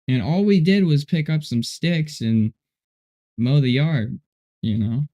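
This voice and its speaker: A man's voice: a little high, slow, dark tone. A man hosting a casual livestream while coding, rambling and laid-back, often saying "dude" and "you know". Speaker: livestream host.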